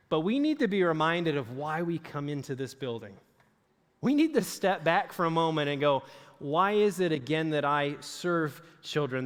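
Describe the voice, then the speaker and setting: A man's voice: a little high, a bit bright, big-room sound. A man preaching a sermon to a church congregation in a conversational way, full of asides and rhetorical questions. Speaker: pastor. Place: church sanctuary.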